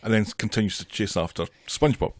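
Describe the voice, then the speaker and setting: 男播客主持人在轻松闲聊中回顾动画剧集，说话利落、就事论事，声音干涩，几乎没有回响。. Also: male voice, lowish voice, fast talker, dry recording, studio quality. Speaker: podcast co-host. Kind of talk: casual episode recap chat.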